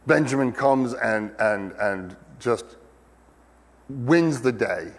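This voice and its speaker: A man's voice: mid-range voice, lively intonation, takes it slowly. A man preaching a sermon in a conversational way, with many fillers and sudden emphatic peaks. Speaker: pastor. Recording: long hall reverb.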